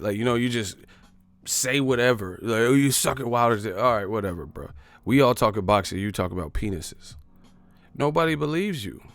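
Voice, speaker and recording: A man's voice: medium pitch, no echo. A man ranting in boxing commentary, brash, combative and profane.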